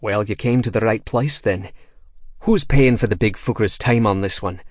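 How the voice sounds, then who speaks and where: A man voicing a gruff, foul-mouthed male dwarf crime boss with a put-on Scottish brogue, slow and mocking. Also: fairly low pitch, no room sound, studio quality, close to an everyday voice. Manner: profane, menacing, jovial.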